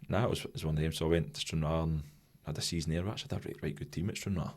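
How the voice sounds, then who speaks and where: A man's voice: very deep voice, fairly even intonation, rapid-fire, a little mellow. A man with a Scottish accent, a podcast guest and former goalkeeper, telling stories in casual chat, laughing often and swearing freely.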